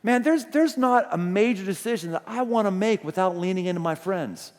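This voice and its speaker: A man's voice: sits high, expressive, a little fast, darkish tone. A middle-aged male pastor preaching a sermon in a chatty, storytelling way. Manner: conversational storytelling, acts out quoted voices. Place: large church auditorium. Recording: long reverb of a large hall.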